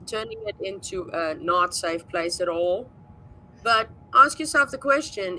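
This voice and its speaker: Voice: mid-range voice, pushed and bright, a little hiss or hum, rough recording. A co-host on a livestream who speaks emphatically and lists points firmly. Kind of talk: casual livestream talk.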